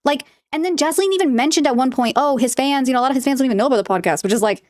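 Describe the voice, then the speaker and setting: A woman's voice: high voice, a little mellow, no echo, studio quality. A woman hosting a reaction video, talking bluntly and with exasperation about a podcast clip. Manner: blunt, exasperated, rapid-fire. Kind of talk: casual reaction commentary.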